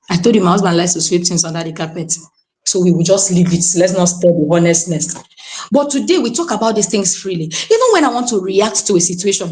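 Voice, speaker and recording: A woman from Nigeria with a Nigerian accent, giving an animated, exclamatory testimony as a guest on a live stream. She keeps calling out to her coach and slips into pidgin phrases. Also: mid-range voice. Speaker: podcast guest sharing a testimony.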